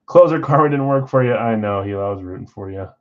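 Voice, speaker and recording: A man's voice: lowish voice, expressive, fast, highs cut off. A man hosting a live card break from a card shop, chatting casually while rattling off names and teams.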